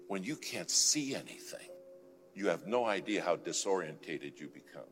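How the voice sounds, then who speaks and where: A man giving a sermon as a guest speaker, telling a dramatic story, swinging from loud urging to a hushed whisper. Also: low voice, expressive, normal speed. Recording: long hall reverb with faint music.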